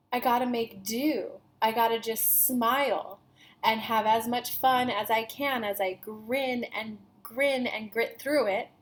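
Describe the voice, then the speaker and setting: Earnest woman channeling a collective voice. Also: fairly high pitch. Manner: speaks as a collective "we", talks about herself in the third person; earnest, repeats key phrases. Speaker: spiritual channel and teacher. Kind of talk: channeled spiritual talk.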